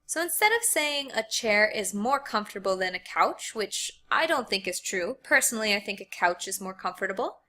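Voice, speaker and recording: An American woman teaching an English grammar lesson, explaining slowly and carefully and repeating key words for learners. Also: mid-range voice, expressive, pushed and bright.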